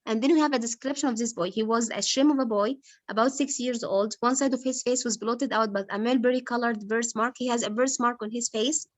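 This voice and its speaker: Teacher explaining a novel. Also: female voice, on the high side, fairly even intonation, brisk, hardly any pauses, no room sound. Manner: patient, quizzes pupils, many fillers like "like". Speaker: English literature teacher.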